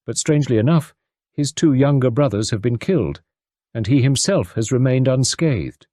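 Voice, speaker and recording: A man narrating a classic detective story as an audiobook, measured and expressive. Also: medium pitch, dry recording, clean studio sound. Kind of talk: scripted narration.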